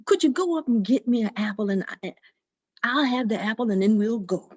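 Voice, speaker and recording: A woman's voice: a little high, lively intonation, fairly quick, a little mellow, breathy edge, dull audio. A woman voicing Jack, a sly, stingy, clever grown man with a wheedling, crafty manner.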